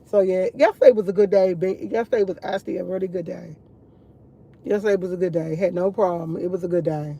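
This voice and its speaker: A woman's voice: lowish voice, steady tone, quick pace, creaky, mellow, slightly rough, dull audio. A woman chatting casually to her viewers over morning coffee, rambling and repeating herself as she tells stories. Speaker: vlogger.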